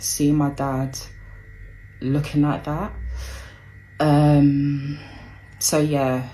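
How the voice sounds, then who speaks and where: Low-voiced woman telling her story. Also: warm tone, slight background noise, low-quality recording. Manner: hesitant, lots of ums, acts out what people said. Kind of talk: personal storytime.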